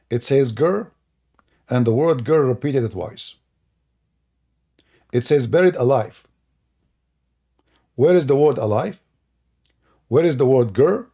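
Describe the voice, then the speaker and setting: Mocking man with a gravelly voice. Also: mid-range voice, warm tone. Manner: sarcastic, mocking, rhetorical questions, chuckles. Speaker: online religious debate host. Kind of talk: mocking livestream commentary.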